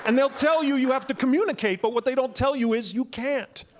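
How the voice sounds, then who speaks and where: A man works a comedy club crowd in a high, bright register. He is wry and punchy, and he jumps into loud impressions for the punchlines. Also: a little fast, noisy background. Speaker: stand-up comedian. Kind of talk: stand-up comedy set.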